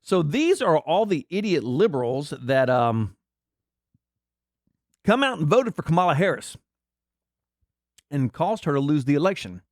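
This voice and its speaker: A man's voice: on the high side, sing-song, a little slow, pauses often, no echo, clean studio sound. A man hosting a podcast, ranting his political opinions in a blunt, mocking way and repeating himself. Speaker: podcast host.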